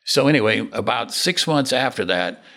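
A man's voice: mid-range voice, lively intonation, normal speed, gravelly, bright, forceful tone. An older man, a developer and podcast guest, telling rambling stories of his career and acting out old conversations. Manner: rambling anecdotes, acts out dialogue. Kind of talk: casual storytelling interview.

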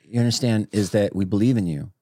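A man's voice: fairly low pitch, fast, mellow, no room sound, studio quality. A man hosting a casual podcast chat, chatty and teasing with sudden laughing outbursts. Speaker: podcast host.

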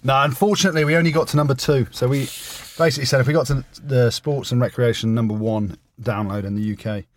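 Male podcast co-host, Coventry accent, very fast talker, cheeky banter. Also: medium pitch, fairly even intonation. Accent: Coventry English. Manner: cheeky, quick comebacks.

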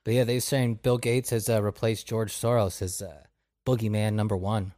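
Casual podcast co-host, male, dark mellow tone, dry close sound, sarcastic and profane. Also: on the low side, steady tone, normal speed, no echo. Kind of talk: casual chat.

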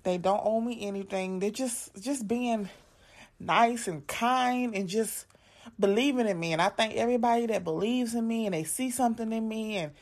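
A woman's voice: on the high side, moderate pace. Emphatic young woman creator. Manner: emphatic, repeats "like" and "right?" often. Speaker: content creator and podcast host. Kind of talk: casual direct-to-camera monologue.

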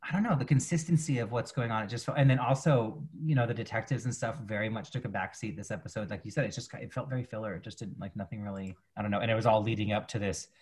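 A man co-hosting a podcast, chatting casually about TV episodes, rambling with frequent restarts and animated retellings. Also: fairly low pitch, quick pace, hardly any pauses, husky. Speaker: podcast co-host. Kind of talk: casual chat reviewing TV.

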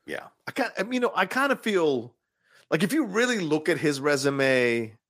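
A man's voice: fairly high pitch, big pitch swings, moderate pace, fairly bright tone, no echo, studio quality. A man co-hosting a podcast, talking about movies in casual, opinionated chat and laughing often. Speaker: podcast co-host.

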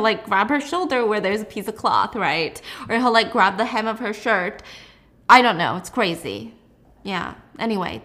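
A young woman with a somewhat high voice chats through a book recap. She talks in a gossipy, animated way and fills her speech with "like" and "okay?". Her delivery is loose and conversational. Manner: gossipy, animated, filler-heavy with frequent "like". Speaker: host recapping a novel. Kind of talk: casual chatty book recap.

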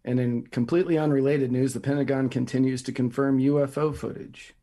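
A man co-hosting a casual podcast with a mellow, darker voice. He drops in dry, wry quips, mid-pitched and relaxed. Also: a little fast. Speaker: podcast co-host. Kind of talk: casual comedic chat.

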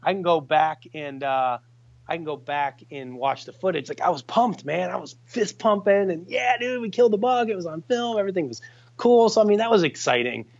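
Animated man telling a hunting story. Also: a little high, a little fast, gravelly, dull audio. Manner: animated, swears casually, acts out his buddies' lines. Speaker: guest hunter telling a story. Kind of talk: casual podcast storytelling.

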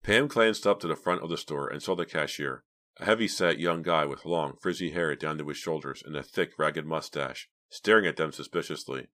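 Very deep-voiced male audiobook narrator. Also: normal speed, sharp tone. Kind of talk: scripted narration.

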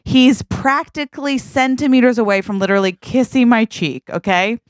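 Animated woman telling a dramatic story. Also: a little high, normal speed, no room sound, studio quality. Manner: animated, dramatic, keeps asking "okay?". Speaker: podcast co-host. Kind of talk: casual storytelling chat.

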